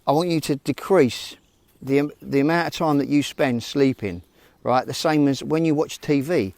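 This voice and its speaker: A man's voice: fairly high pitch, normal speed, darkish tone, no echo. A man vlogging a casual motivational talk, rambling and informal as he speaks straight to his viewers. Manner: rambling, informal, frank, addresses viewers directly. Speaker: self-help vlogger.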